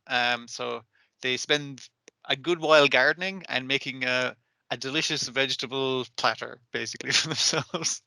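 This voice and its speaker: A man's voice: mid-range voice, moderate pace, creaky, pushed and bright, no echo. A man co-hosting an anime podcast in casual, profane chat, acting out characters' lines as he recaps. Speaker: podcast co-host.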